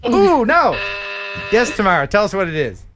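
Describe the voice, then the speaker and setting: With music playing behind him, an American man hosts a live-stream quiz at normal speed in a high voice, a lively quizmaster who laughs and chats while reading out words.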